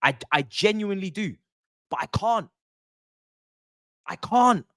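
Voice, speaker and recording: A man's voice: sits high, expressive, unhurried, fairly bright tone, dry recording, studio quality. A young man hosting a live football watch-along, ranting in exasperation and slang.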